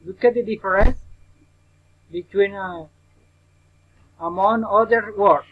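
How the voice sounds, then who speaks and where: A man teaching a recorded English pronunciation lesson, drilling example words slowly and repeatedly and addressing the listener as his student. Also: sits high, dull audio.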